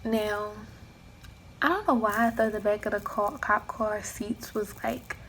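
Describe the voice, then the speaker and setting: A young woman telling a personal story in a casual vlog, acting out both sides of the argument with lively emphasis. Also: mid-range voice, unhurried, a little hiss or hum, poor audio. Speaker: vlogger.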